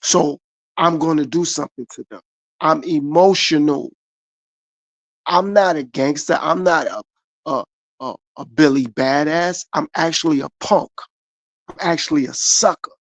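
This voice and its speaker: A man's voice: a little high, measured pace, pauses often, dry recording. A middle-aged man from the United States, talking earnestly and repetitively about his own life in a motivational podcast monologue. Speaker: podcast host.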